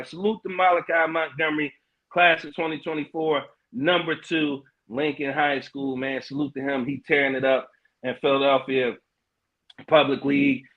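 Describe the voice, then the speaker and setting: A man's voice: a little high, dull audio. Hyped man hosting a podcast stream. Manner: loose and hyped, lots of slang and fillers, quick laughs. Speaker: podcast host. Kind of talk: casual livestream chat, reading out comments.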